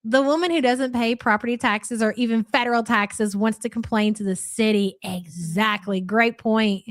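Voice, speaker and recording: A woman hosting a live reaction stream, making sarcastic, mocking remarks and laughing as she goes. Her voice sits fairly high. The sound is dry and close, with no room echo. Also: moderate pace. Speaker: reaction channel host.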